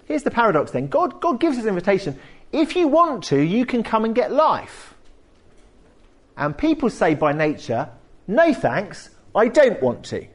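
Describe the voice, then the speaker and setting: A man preaching a sermon in a church hall, conversational and animated, explaining with homely asides. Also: sits high, normal speed. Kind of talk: sermon with anecdotes.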